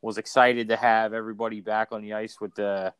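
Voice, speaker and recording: Rambling, profane man with a smooth voice. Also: on the low side, flat delivery, brisk, fairly bright tone, no echo. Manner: rambling, profane, frequent restarts. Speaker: podcast co-host. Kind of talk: casual chat.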